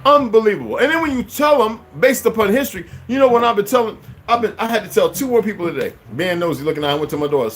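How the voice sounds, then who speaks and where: Angry profane man ranting loudly. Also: animated, fast talker, few pauses, soft background music. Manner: angry, profane, swings loud and high. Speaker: channel host. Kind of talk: profane rant to camera.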